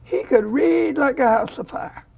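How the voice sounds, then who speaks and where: A woman's voice: high voice, measured pace, vocal fry. An older woman, a foster grandparent volunteer, telling a story in a studio interview and acting out the quoted lines. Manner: animated storyteller who acts out quoted dialogue.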